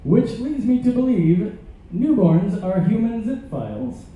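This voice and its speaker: Captured from far back by an audience camera in a big theater aboard a ship, this comedian and musician tells absurd jokes on stage, padding them with hesitant fillers. His voice sits high and is expressive, at a measured pace. The stage mic comes through distant, tinny and echoey.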